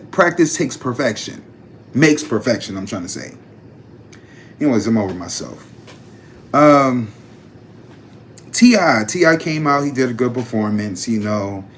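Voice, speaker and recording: A man hosting a casual gossip vlog, chatty and slangy, talking straight to his viewers with animated jumps in pitch. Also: a little hiss or hum. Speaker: psychic channel host.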